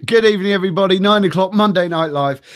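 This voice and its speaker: A man's voice: sits high, quick pace, dry recording, clean studio sound. Chatty man with a cold. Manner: chatty, swears casually, reads out chat names. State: has a cold. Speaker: live stream host. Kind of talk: casual live stream chat. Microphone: desk microphone.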